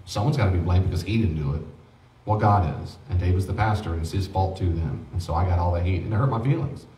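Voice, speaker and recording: A man's voice: low-pitched, quick pace, dark tone. A man preaching a teaching sermon on grief as a pastor, earnest and conversational, repeating himself for emphasis. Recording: echoey room, mic at a distance.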